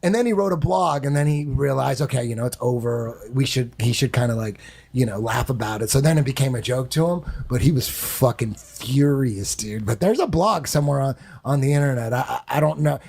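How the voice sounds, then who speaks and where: Guy with a raspy gravelly voice rambling thru a party story, swears a lot, kinda high pitched. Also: a little fast, darkish tone. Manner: rambling, profane, repeats himself. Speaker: podcast guest. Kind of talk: casual storytelling.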